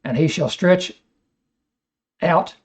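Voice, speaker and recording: A man's voice: fairly high pitch, takes it slowly. A man teaching a Bible study lecture, reading scripture aloud and then explaining it with rhetorical questions. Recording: dull lo-fi recording.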